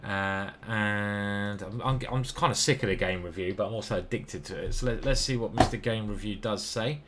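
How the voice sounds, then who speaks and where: A man's voice: on the low side, normal speed, a bit bright, a little hiss or hum. A man with an English accent commenting casually over his own chess games, rambling, self-deprecating and swearing now and then.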